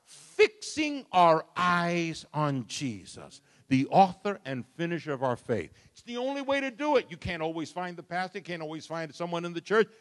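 A man's voice: a little high, sing-song, normal speed, few pauses. Impassioned man preaching a sermon. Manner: impassioned, sweeping from soft to loud. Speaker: pastor.

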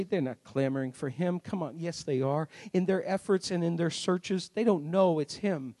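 A man preaching a sermon, swinging from quiet storytelling to shouted crescendos. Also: fairly high pitch, normal speed, hardly any pauses. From rural upbringing. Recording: long hall reverb.

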